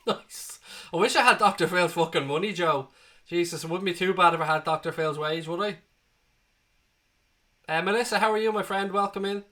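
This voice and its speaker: Bright-voiced sweary young man. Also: a little high. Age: 20s. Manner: blunt, sweary, banter with viewers. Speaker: football watchalong host. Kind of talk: live chat reading viewer comments.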